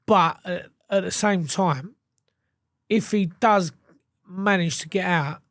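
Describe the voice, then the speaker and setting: Taking it slowly in a high voice, a podcast guest from England tells blunt stories full of swearing, animated and riddled with restarts, in casual chat. The clean studio recording has no echo.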